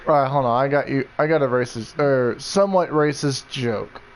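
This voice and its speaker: A man's voice: medium pitch, normal speed, clean tone. A man casually joking and swearing with friends over voice chat. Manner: laid-back, joking, swearing. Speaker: gamer chatting with friends.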